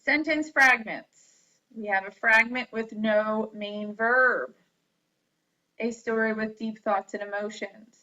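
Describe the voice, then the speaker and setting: In a dull, lo-fi recording, a female teacher moves very slowly through a grammar lesson, stopping between items and spelling out each word letter by letter. Her voice is a little high, bright and crisp, with a steady tone.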